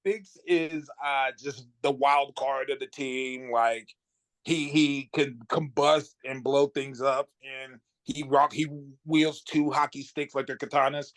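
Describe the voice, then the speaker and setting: A man, a guest comic writer, chatting casually on a podcast and telling animated stories, laughing often. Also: mid-range voice, slow.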